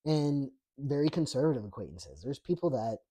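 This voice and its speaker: A man hosting his own podcast, ranting casually and bluntly with lots of swearing and frequent laughter. His voice sits at a middle pitch with a warm, mellow tone. He rambles, restarts and stacks fillers as he reacts to the chat. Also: sing-song, normal speed, slightly rough. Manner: profane, blunt and laughing often. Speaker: podcast host. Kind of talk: casual political rant reading live chat.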